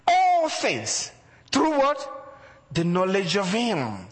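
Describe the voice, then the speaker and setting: A man's voice: high-pitched, huge pitch swings, slow, long reverb tail. A man preaching a sermon as a pastor, building emphasis through repeated phrases.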